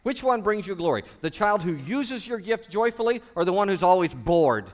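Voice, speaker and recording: A man's voice: high voice, big pitch swings, normal speed. A man preaching a sermon in a church, asking his congregation one question after another. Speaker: pastor.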